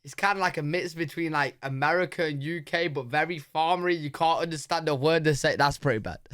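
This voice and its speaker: A British man hosting a reaction video, talking in a chatty, animated way and often saying "bro". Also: a little high, a little fast, no echo, studio quality. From United Kingdom. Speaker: reaction channel host. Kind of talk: casual reaction commentary.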